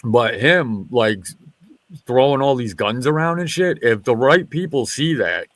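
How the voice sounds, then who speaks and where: Man, ex-military cop, casual storytelling, cursing a lot, middle pitch, dry sound. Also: a little slow, no room sound. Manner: profane, animated retelling with quoted dialogue. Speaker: former military police officer. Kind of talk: casual storytelling in a group chat.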